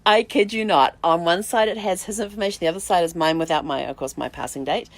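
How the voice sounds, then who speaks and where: Here a middle-aged genealogy vlogger addresses viewers directly, her voice low and gravelly. She takes her time with a personal story, pausing to begin sentences again or murmuring a soft "um" while she thinks.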